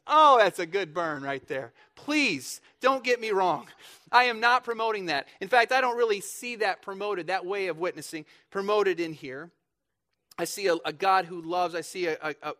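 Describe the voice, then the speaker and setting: A young man preaching a lively, joking sermon in church, bursting into loud mock voices. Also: high-pitched. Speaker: pastor.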